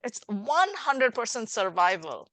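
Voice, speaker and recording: A woman's voice: a little high, sing-song, measured pace, fairly bright tone, no echo. A middle-aged woman hosting a podcast as a life coach, talking animatedly and acting out little scenes in dialogue. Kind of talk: casual interview chat.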